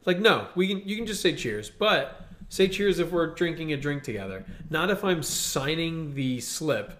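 A man's voice: fairly high pitch, lively intonation, normal speed, fairly bright tone. A young man co-hosting a podcast, teasing dryly and laughing often in casual banter. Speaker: podcast co-host.

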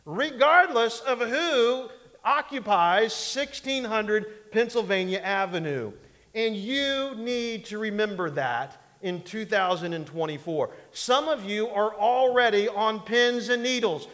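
A man's voice: very high voice, fairly bright tone. A male pastor preaching a sermon in a conversational, folksy way, often asking the congregation for an amen and joking along the way. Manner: folksy and humorous, slips into mock voices. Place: church sanctuary. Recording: long hall reverb in a church.

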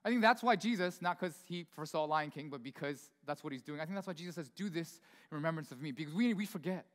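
High-voiced casual preacher in a reverberant church. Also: male voice, quick pace. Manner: casual, chatty preaching with many asides. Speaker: pastor. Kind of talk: sermon. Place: church sanctuary. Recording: long hall reverb in a church.

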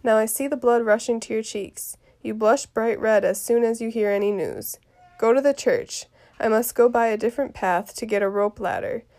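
A woman reading the part of a fussy, complaining old nursemaid aloud from a play, grumbling in a quiet voice. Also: fairly high pitch, normal speed, lightly acted.

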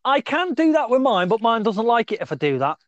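A man with a high, animated voice rides up and down as he chats and jokes. He laughs often and swears freely in loose podcast banter. The sound is dry and close to the mic. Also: fairly quick, no room sound, highs cut off. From English West Midlands. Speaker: podcast co-host. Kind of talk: casual banter.

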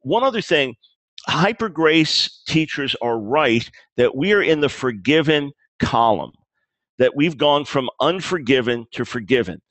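A man of middle pitch explains his views in an interview, earnest and thorough. He restarts phrases and slips into quoted dialogue to make a point. The sound is dry and close. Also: expressive, unhurried, a bit bright, no echo. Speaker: author being interviewed. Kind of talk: conversational interview.

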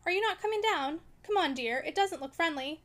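A woman's voice: very high-pitched, animated, a little fast, fairly bright tone. A woman voicing a fussing, motherly married friend in an audiobook reading, coaxing and chiding.

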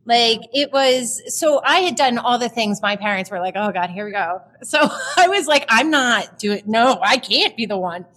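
A woman's voice: on the high side, animated, moderate pace, hardly any pauses, fairly bright tone. A woman in her thirties telling her personal story as a podcast guest, chatty and emotional, with many fillers.

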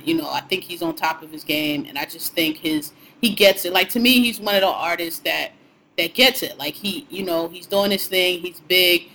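Music and celebrities are the topics as a young woman on a podcast speaks outspokenly, with plenty of slang and profanity. Her voice is on the low side with a sharp tone, and the rough recording carries slight background noise.

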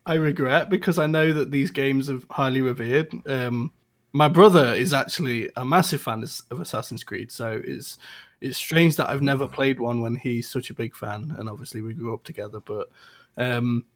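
A man co-hosts a gaming chat and explains his view in an earnest, thoughtful way. His voice is mid-pitched and ordinary. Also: moderate pace. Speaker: co-host.

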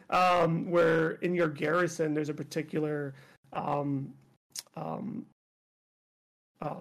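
A man's voice: fairly high pitch, gravelly. A man co-hosting a podcast in casual chat, laughing often and restarting his sentences. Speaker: podcast co-host.

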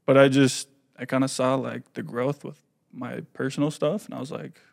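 A man's voice: medium pitch, level tone, normal speed, creaky. A young man, a podcast guest and independent artist, chatting in a laid-back way and laughing easily. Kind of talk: casual chat.

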